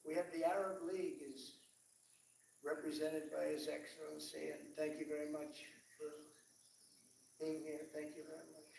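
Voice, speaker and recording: Man, off-the-cuff speech, repetitive superlatives, gravelly voice, distant mic, faint background hiss. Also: on the high side, level tone, normal speed, a little mellow. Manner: rambling, repetitive superlatives, ad-libbed asides. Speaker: head of state addressing foreign dignitaries. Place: large hall at a formal gathering. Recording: echoey hall picked up from a distance.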